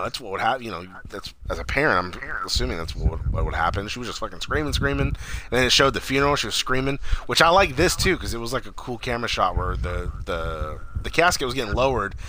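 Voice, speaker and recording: Bright-voiced man recapping a movie. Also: lowish voice, lively intonation, quick pace, a little hiss or hum, rough recording. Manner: rambling, profane, full of "like". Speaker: podcast co-host. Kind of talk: casual movie recap chat.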